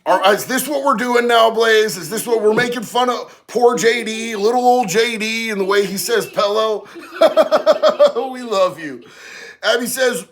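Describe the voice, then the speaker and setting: A man's voice: high voice, normal speed, fairly bright tone. A man hosting a casual livestream, reading chat aloud and answering in slangy, streetwise talk. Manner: slangy, streetwise, says bro a lot.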